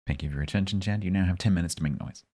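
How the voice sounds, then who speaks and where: A man's voice: deep voice, very fast, dark tone. A man live-streaming a game, chatting casually and jokingly with his chat.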